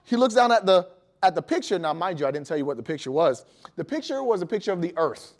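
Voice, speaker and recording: High-voiced man giving a lively motivational talk. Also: fast. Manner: energetic storytelling, asks the audience questions. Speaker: motivational speaker. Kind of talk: motivational talk to school staff. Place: large room before an audience.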